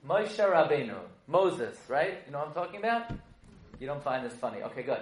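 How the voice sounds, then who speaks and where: Man, rabbi, humorous Torah lecture, high voice, storytelling, quizzes listeners, echoey room. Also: sing-song, fairly quick. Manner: joking, storytelling, quizzes the audience. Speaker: rabbi teaching a class.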